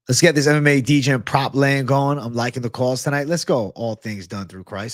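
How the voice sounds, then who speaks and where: A man's voice: medium pitch, fairly quick, hardly any pauses, no room sound, studio quality. Profane, hyped man hosting a livestream. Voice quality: profane, hyped, chatty, reacts aloud to live chat. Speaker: livestream host giving betting picks. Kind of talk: casual livestream chat.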